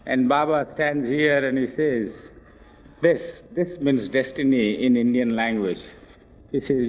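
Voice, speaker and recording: Older man telling old stories, lo-fi. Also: medium pitch. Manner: animated storyteller acting out quotes. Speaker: interviewee recalling memories. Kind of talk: oral history storytelling. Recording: dull lo-fi 1970s film audio.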